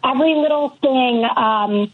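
Husky-voiced woman on a dull line. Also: high voice, unhurried. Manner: explains at length, loose and rambling. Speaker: guest author of a children's book. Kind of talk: radio talk show guest chat.

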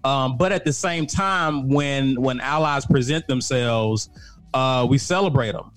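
A man hosting a podcast, asking questions haltingly and repeating his words. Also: mid-range voice, a bit bright, faint music behind. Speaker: podcast host. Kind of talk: interview questions.

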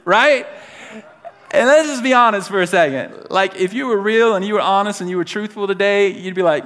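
A man preaching a sermon to his church, animated and conversational, laughing along with his stories and talking straight to the congregation. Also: high-pitched, moderate pace. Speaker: pastor.

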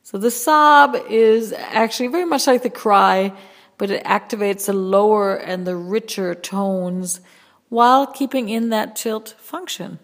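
A woman vocal coach hosting a podcast, teaching slowly and gently and demonstrating vocal sounds. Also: mid-range voice, in a large hall. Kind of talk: voice lesson with sung demonstrations.

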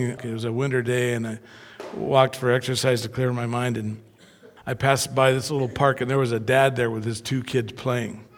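A man preaching a sermon, telling personal stories with lively acted-out voices. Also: mid-range voice, gravelly, in a large hall. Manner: animated storyteller who acts out voices. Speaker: pastor.

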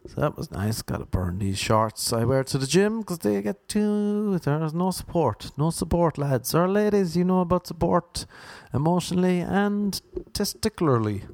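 A man's voice: sits high, animated, moderate pace, creaky, darkish tone, no echo, clean studio sound. An Irish man rambling through a comic monologue, self-mocking and full of rhetorical questions. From Ireland. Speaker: vlogger.

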